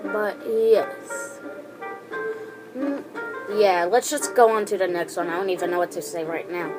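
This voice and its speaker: A woman's voice: on the high side, poor audio. Hesitant woman hosting, music behind. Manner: hesitant, many fillers and restarts. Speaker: video host. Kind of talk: casual countdown commentary.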